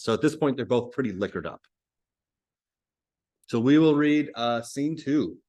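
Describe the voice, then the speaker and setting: A man's voice: medium pitch, expressive, unhurried, pauses often, a little mellow. Man reading a play aloud to a class. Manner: conversational, explains as he reads.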